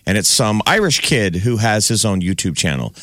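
Male co-host, wry storyteller, animated pitch, dry close mic. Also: moderate pace, no echo. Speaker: radio co-host. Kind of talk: casual radio banter. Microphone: studio microphone.

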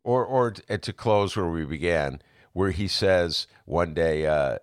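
A man hosting a podcast interview, speaking thoughtfully and haltingly as he searches for his words. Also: sits low, no echo, clean studio sound. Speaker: podcast host, former radio host. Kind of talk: conversational interview.

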